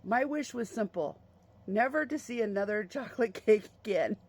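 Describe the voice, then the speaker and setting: A storyteller voicing a good-humored husband who talks calmly and teases gently in a matter-of-fact way. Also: medium pitch, slow pace. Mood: amused. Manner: calm, teasing, matter-of-fact.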